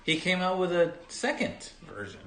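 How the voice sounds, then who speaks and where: A man co-hosting a casual chat with his wife, joking and animated. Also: sits high, normal speed, a crowd in the background. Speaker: co-host. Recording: roomy echo.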